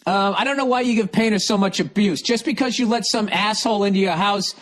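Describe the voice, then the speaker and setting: A middle-aged male comedian delivering an angry, profane ranting monologue with sudden shouted outbursts. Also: sits high, fast.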